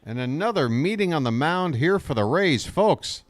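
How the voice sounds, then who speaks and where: A man calling a baseball game as a fan streamer, chatting directly with his viewers and getting excited on big plays. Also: a little high, moderate pace, no room sound. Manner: chatty, talks straight to his chat viewers. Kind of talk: live fan play-by-play commentary.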